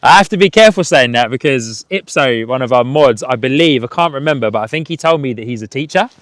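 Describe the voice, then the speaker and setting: A man's voice: medium pitch, animated, fast talker, a bit bright, no echo, studio quality. A man hosting a casual live stream outdoors at an airport, chatting, laughing often and reading out chat messages.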